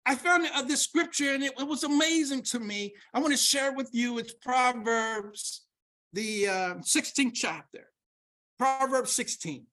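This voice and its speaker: A woman with a high-pitched voice preaches a sermon at an unhurried pace, reading scripture aloud. She's emphatic, repeats key words, and rises to near-shouts.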